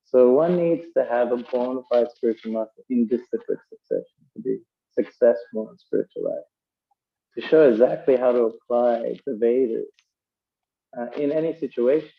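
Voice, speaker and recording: A man's voice: medium pitch, highs cut off. A man giving a conversational sermon, telling stories and using fillers as he explains scripture. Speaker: preacher.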